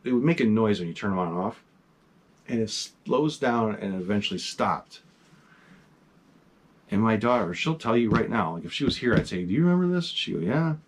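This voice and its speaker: A middle-aged man casually telling a ghost story to his vlog audience, animated and swearing freely. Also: lowish voice, normal speed, husky. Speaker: vlog host.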